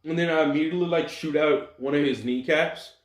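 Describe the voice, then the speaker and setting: A young man tells a made-up fan story in a loose, rambling way, full of slang and homemade sound effects. His voice sits a little high for a man. The recording is roomy and echoey, as if made in a bare room at home. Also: fairly even intonation, fairly quick. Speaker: storyteller narrating an imagined fan scenario. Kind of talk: casual animated retelling with voiced quotes.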